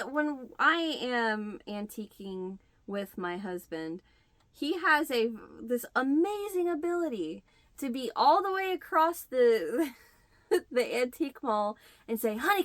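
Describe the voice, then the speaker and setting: A woman's voice: sits high, very animated, slow pace, a bit bright, no room sound. Chatty woman with a dry, close sound. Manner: chatty storytelling, acts out quotes. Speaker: crochet channel host. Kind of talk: casual chat to camera.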